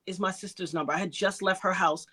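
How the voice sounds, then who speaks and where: A woman's voice: fairly low pitch, fairly even intonation, fast talker, pushed and bright, husky. A middle-aged woman from New York giving an emotional personal account in an interview, acting out the voices of the people in her story. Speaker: interview guest.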